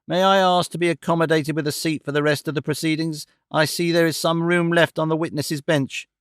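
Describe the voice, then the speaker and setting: A man voicing a fussy, old-fashioned elderly gentleman witness who speaks in a quavering, formal way. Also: fairly high pitch, fairly even intonation, a little fast, clear, resonant tone, dry recording, clean studio sound, voice pushed up, close to an everyday voice.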